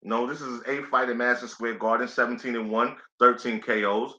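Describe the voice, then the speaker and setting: Male stream host, easygoing and talkative, bright tone, dull lo-fi mic. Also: medium pitch, level tone, brisk. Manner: laid-back, chatty, says "you know what I'm saying" a lot. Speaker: boxing play-by-play host. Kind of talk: casual live commentary stream. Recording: echoey room, dull lo-fi sound.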